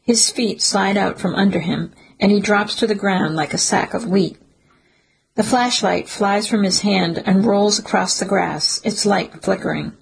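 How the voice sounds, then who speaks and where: A woman narrating a first-person suspense story in a steady, measured storytelling manner. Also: mid-range voice, gravelly, breathy edge, low-quality recording. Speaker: audiobook narrator.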